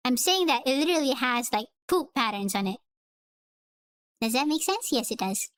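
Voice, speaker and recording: High-voiced woman reading comics aloud. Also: lively intonation, normal speed, fairly bright tone, no room sound. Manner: playful, chatty asides between acted lines. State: voice getting tired. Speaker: comic reader. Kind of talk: casual comic read-along with character voices.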